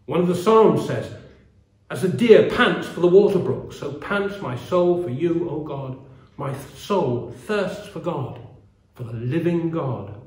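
A man preaching a sermon and reading scripture aloud in a measured, earnest way, with pauses. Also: a little high, animated, a little mellow. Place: church. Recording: roomy echo.

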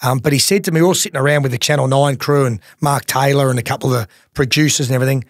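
A man's voice: medium pitch, racing, no echo, clean studio sound. An Australian man telling stories in a casual podcast chat, laid-back and self-mocking. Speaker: racing tipster and storyteller.

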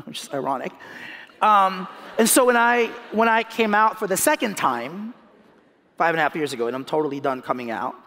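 A man in his thirties from the Philippines speaks in a lively onstage interview, laughing often and restarting with repeated words. His voice sits fairly high for a man. The sound carries a long reverb from a large hall. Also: moderate pace, gravelly. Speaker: guest speaker.

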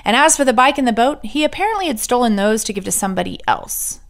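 A woman's voice: a little high, lively intonation, quick pace. A woman hosting a true crime podcast, telling the story with sarcastic asides and the odd whispered joke. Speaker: podcast host.

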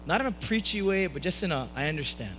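Young guy pastor telling a story in a sermon, bright forceful voice, kinda high, faint hum behind. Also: quick pace, low-quality recording. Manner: animated storytelling, acting out quoted voices. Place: church hall, live stream.

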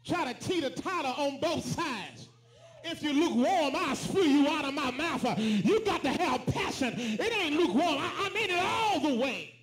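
A man with a very high voice preaches, calling out lines for the congregation to repeat and climbing into shouts. His rings through a roomy church sanctuary with plenty of echo. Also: animated, normal speed. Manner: preaching with call and response, shouting at peaks. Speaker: pastor. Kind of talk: sermon. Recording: echoey church room.

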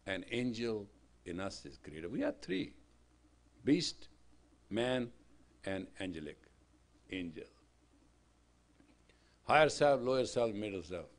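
A man teaching a spiritual class, emphatic, swinging from quiet lines to loud declarations, telling stories with quoted dialogue. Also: fairly low pitch, very animated, slow, long pauses. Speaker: yoga teacher. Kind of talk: spiritual lecture. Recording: 1980s class recording.

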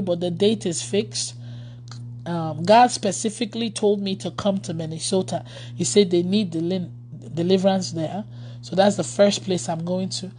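A woman's voice: mid-range voice, dark tone, a little hiss or hum. A woman pastor in casual livestream chat with her followers. She laughs often and reads their comments aloud.

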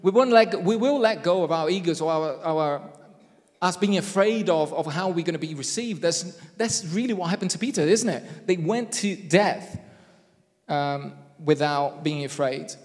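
A man preaching a conversational sermon with deliberate, emphatic phrasing and self-deprecating asides, recorded in a church hall. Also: a little high, expressive, darkish tone. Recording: long reverb in a church hall.

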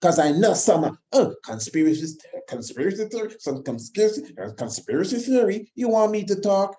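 A man's voice: sits high, sing-song, moderate pace, hardly any pauses, dark tone. A man delivering an impassioned monologue, emphatic and repetitive, firing rhetorical questions. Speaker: host of his own channel.

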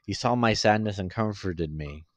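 A man reading a fan story aloud, halting and often stumbling and correcting himself. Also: fairly low pitch, no echo. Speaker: story reader.

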